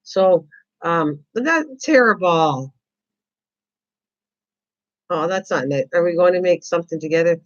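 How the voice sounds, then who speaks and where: A woman hosting a crafting livestream, chatting with her viewers in an excitable, rambling way and often repeating herself. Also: lowish voice, fairly quick. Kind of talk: casual chat reading viewer comments. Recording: dull lo-fi livestream audio.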